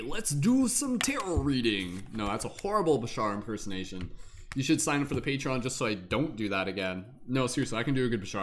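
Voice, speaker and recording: A man hosting a tarot livestream in a casual chat, upbeat and quick, often dropping "like" into his speech. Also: mid-range voice, fairly bright tone, a little hiss or hum. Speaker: tarot reader and livestream host.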